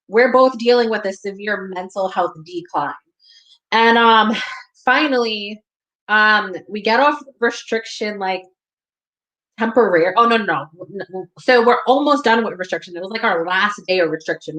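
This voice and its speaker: Bright, casual woman telling a story. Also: on the high side, poor audio. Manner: casual and profane, heavy use of "like". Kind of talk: personal storytelling.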